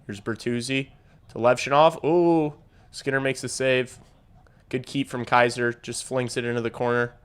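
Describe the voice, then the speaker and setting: Reacting live to a hockey game, this young streamer narrates the action casually, curses without restraint and chats with his viewers. His mid-range voice is clear and resonant, with a steady tone at a moderate pace.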